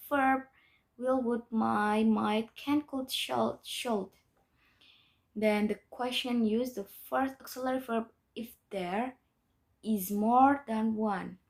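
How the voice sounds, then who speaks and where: A woman's voice: on the high side, vocal fry. A young woman, a student, reading a grammar lesson aloud in a careful, methodical way with small restarts. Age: young adult. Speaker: student presenter.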